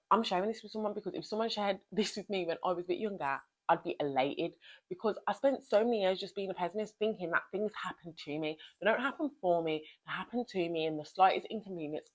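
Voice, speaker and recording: Woman, slightly low voice, emphatic motivational vlog talk. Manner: emphatic and blunt, with pep-talk asides to the listener. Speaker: self-help vlogger.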